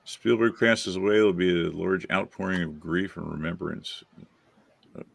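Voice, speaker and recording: A man hosting a casual movie chat, enthusiastic and quick to laugh. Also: deep voice, gravelly, no room sound. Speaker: podcast host.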